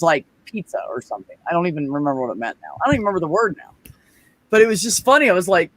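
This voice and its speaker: A man's voice: sits high, sing-song, fast talker, fairly bright tone, no room sound. A man hosting a casual podcast chat, telling stories animatedly and acting out the people he quotes, with casual swearing. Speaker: podcast host.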